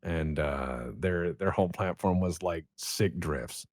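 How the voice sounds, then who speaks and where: A man's voice: low-pitched, slow pace, no room sound, studio quality. A young adult man, a podcast guest, telling rambling, profane stories in casual chat.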